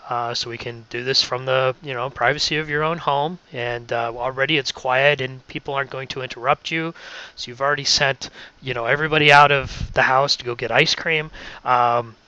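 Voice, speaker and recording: A man's voice: medium pitch, fairly even intonation, normal speed, sharp tone, smooth. A man training radio volunteers in an instructional presentation, encouraging and often checking in with "okay?". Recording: dull lo-fi recording.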